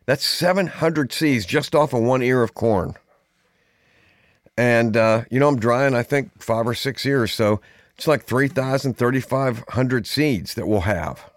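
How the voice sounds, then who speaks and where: A man's voice: mid-range voice, a little slow, dry recording, clean studio sound. Rambling man hosting a podcast. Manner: rambling, conversational, many fillers and asides. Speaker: podcast host. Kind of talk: casual monologue.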